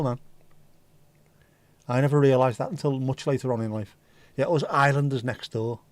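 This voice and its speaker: A man's voice: mid-range voice, darkish tone, dry recording. A tired man hosting a casual livestream, rambling and reacting to chat with the odd swear word. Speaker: livestream host.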